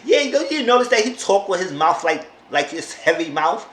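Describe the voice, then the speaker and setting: A man casually recapping a reality show episode in an animated way, often talking back to the people on it. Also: sits high, moderate pace, few pauses. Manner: animated, talks back to the characters. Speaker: YouTube reality-TV reviewer. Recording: roomy echo, faint background noise.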